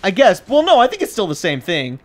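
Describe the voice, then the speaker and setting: A goofy man co-hosting a casual gaming chat, his voice a little higher than most and swinging up and down as he jokes. He plays dumb and teases his friend in a playful, animated way. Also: a little fast. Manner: goofy, jokey, swings his pitch around. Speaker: co-host.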